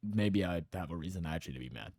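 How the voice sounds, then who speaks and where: A man's voice: deep voice, lively intonation, quick pace, darkish tone. A young man streaming a reaction, talking in a casual, rambling, profane way and correcting himself as he goes.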